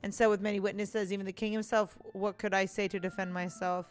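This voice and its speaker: A woman's voice: medium pitch, level tone, fast talker, lightly acted. A woman voicing a courteous young male prince with flowery speech, reading game dialogue aloud in a stilted put-on accent. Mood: recounting. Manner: stilted attempt at a foreign accent.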